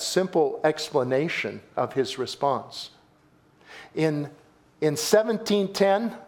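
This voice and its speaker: Emphatic pastor man, slow and lively. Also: a little high. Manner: dramatic storytelling with emphatic repetition; addresses listeners as folks. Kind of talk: sermon.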